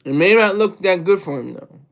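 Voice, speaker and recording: A man with a notably high voice hosts a loose livestream, talking straight to his chat. He rambles, trips over and repeats his words, and laughs quietly to himself as he goes. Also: lively intonation, fairly quick, gravelly. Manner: rambling, self-interrupting, often repeats words; chuckles to himself between thoughts. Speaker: livestream host. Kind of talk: casual livestream commentary, reading chat.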